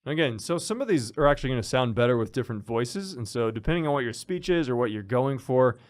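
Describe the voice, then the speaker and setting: A man casually walking through a software tutorial, explaining as he goes with fillers and restarts. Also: medium pitch, animated, fast talker. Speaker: instructor. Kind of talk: screen-recorded software tutorial.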